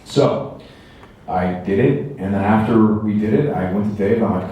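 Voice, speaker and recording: A man's voice: lowish voice, moderate pace, far from the mic. Man telling stories in an echoey hall. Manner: lively anecdotes with acted-out quotes and laughs. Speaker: actor at a fan convention Q&A. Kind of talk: animated storytelling to an audience. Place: large convention hall. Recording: echoey convention hall from afar.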